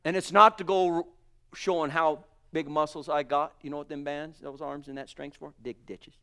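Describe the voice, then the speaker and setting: Fervent high-voiced male preacher. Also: steady tone, normal speed, clean tone. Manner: swings between booming exclamations and hushed murmurs; fervent, calls listeners honey and sweetheart. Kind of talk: sermon.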